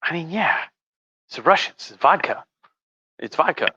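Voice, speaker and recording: Tipsy prof guy rambling through history jokes, bright voice, kinda muffled stream audio. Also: on the high side, animated, moderate pace, husky. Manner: rambling, jokey, with restarts. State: tipsy from red wine. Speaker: history professor host. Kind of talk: tipsy livestream history chat. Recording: slightly muffled livestream audio.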